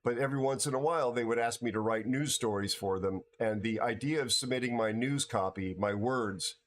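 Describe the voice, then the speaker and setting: A tired older American man hosting a casual livestream chat, rambling and halting with many restarts and fillers. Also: medium pitch. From United States. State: tired from no sleep. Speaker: livestream host.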